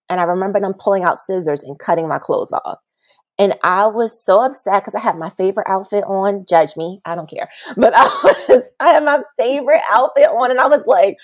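Animated woman telling a story. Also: no echo. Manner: animated, acts out quotes with big pitch jumps and laughs. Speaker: podcast guest, massage therapist. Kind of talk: casual storytelling interview.

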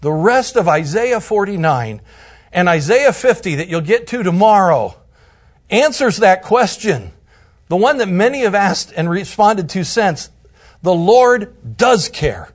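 A man teaching through a Bible passage in a conversational way, sometimes dropping to a soft hush for emphasis. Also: high voice, lively intonation, measured pace.

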